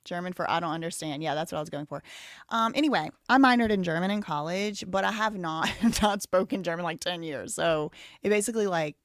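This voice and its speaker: A woman's voice: fairly low pitch, fairly quick, dry recording, studio quality. A woman in her thirties hosting a live stream, rambling casually and thinking aloud with lots of "like" fillers. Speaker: livestream host.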